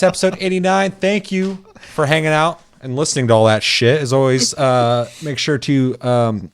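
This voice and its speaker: A man's voice: medium pitch, clean tone. A man hosting a casual gaming podcast, swearing often and slipping into silly mocking voices. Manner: profane, jokey, slips into silly mocking voices. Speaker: podcast host.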